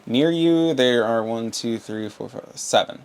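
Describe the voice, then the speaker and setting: A man running a tabletop game as game master, narrating in an unhurried, laid-back way with fillers. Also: medium pitch, clean tone.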